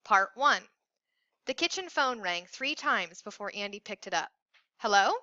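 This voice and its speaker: A woman narrating a suspense story in a measured, even reading. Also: mid-range voice, no room sound. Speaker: audiobook narrator. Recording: dull lo-fi recording.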